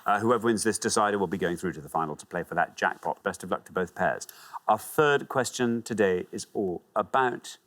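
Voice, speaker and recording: A man hosting a TV quiz show, reading clues crisply and announcing scores. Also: deep voice, brisk. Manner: lively, reads clues crisply. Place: TV studio.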